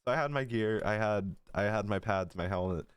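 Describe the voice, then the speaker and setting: A man's voice: lowish voice, brisk, smooth, no room sound. A teenage boy telling rambling stories in a casual storytime vlog, giggly and full of profane asides, his throat a little dry. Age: teens. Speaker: storytelling creator.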